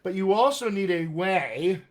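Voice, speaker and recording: Male dialect coach, upbeat live-stream teacher, a touch high-pitched, reads viewer comments. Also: expressive, measured pace, darkish tone. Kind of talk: live-streamed vocal exercise lesson.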